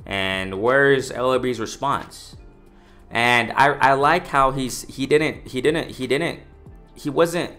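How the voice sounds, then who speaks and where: In a laid-back boxing commentary vlog, a man with a mid-range voice speaks excitedly and repeats himself. He often addresses "ladies and gentlemen" and frequently starts sentences over.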